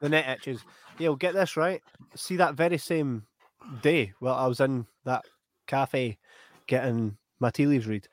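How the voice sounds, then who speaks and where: A man's voice: medium pitch, a little slow, no echo, studio quality. A Scottish man telling an anecdote in casual chat, acting out what other people said. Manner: animated anecdote-telling, acting out quoted voices.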